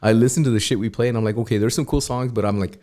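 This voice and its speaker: A man from El Paso, a radio DJ guest, talking in a casual podcast studio chat as a fast, profane, animated storyteller. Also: mid-range voice. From El Paso, Texas.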